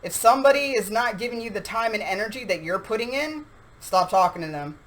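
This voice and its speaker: A woman giving a casual tarot reading straight to her viewers in a chatty, animated way. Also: medium pitch, fairly quick, poor audio. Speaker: tarot reader.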